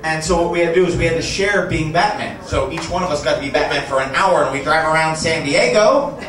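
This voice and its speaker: Profane comedian in an echoey club. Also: male voice, fairly high pitch, quick pace, a crowd in the background. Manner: profane, animated storytelling with shouted quotes. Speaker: stand-up comedian. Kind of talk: stand-up comedy storytelling. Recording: echoey club audio from far off.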